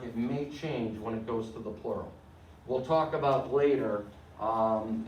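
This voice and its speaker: A man's voice: medium pitch, a little hiss or hum. A man teaching a Spanish class, explaining grammar step by step and often checking that students follow. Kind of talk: classroom lecture. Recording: echoey room, mic at a distance.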